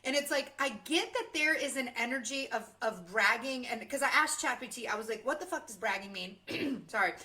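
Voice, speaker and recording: A woman with a bright, forceful voice speaks fairly high, live and unscripted. She rambles with passion and keeps repeating her key lines for emphasis. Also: brisk, few pauses. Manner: impassioned, rambling, emphatic repetition. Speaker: host of a motivational live stream. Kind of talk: unscripted live stream monologue.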